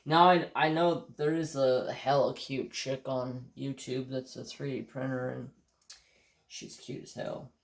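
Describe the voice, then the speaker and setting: An American man chats casually on his livestream, drawling and unhurried. He swears freely and tells stories with hiccups breaking in. The room around him sounds echoey. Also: medium pitch, flat delivery, creaky. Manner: rambling, profane, easygoing storytelling. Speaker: craft channel host.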